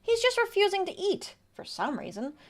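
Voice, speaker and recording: A woman's voice: very high-pitched, very animated, normal speed, voice pushed up. A woman reading aloud for a proud, stubborn boy who leads a gang of children in a game, in a light character voice.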